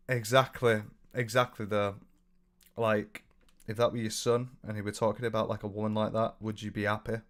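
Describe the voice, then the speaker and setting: Hoarse young man rambling on stream. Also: lowish voice. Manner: loose and rambling, swears freely, trails off into ums. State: sore, hoarse throat. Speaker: livestreamer. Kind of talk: casual live stream chat, reading viewer comments aloud. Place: his own room.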